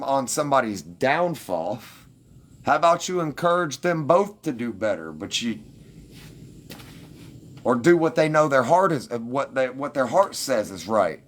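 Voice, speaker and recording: A man's voice: medium pitch, animated, a little slow, fairly bright tone. A man ranting defensively and with heavy profanity at his livestream commenters.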